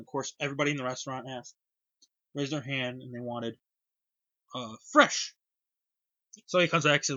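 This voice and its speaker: A man's voice: a little high, a little fast, long pauses, fairly bright tone, no room sound, highs cut off. A young man in casual chat, rambling through a story, acting out quoted lines and swearing freely. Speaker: podcast co-host recapping a reality cooking show.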